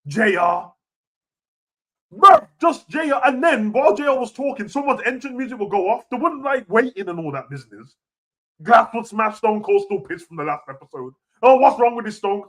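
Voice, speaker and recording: A young man rants casually about wrestling, full of slang and swearing, swinging between low mutters and loud outbursts. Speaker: wrestling reaction host. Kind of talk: casual rant.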